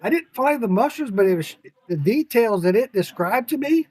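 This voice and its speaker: A man hosting a casual podcast, telling stories in an animated way, swearing freely and laughing often. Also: very high voice, normal speed, slightly rough. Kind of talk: casual chat.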